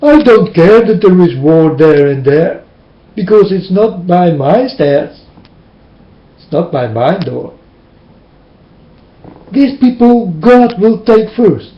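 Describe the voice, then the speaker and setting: A man's voice: high voice, lively intonation, slow, pauses often. A man delivering a preachy, scolding monologue to his listeners, with emphatic, plain and slightly non-standard phrasing. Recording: roomy, dull lo-fi recording.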